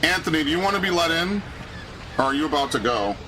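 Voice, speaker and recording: A man streaming a video game, chatting casually and ranting with lots of swearing, his pitch jumping up when he gets indignant. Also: animated, fast talker, background noise. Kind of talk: casual chat while gaming.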